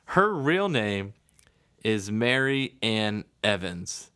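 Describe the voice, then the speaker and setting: A man's voice: lowish voice, sing-song, drawn-out words, pushed and bright, clean tone. A man in casual podcast chat, telling a story with lots of laughter and frequent "right?" asides.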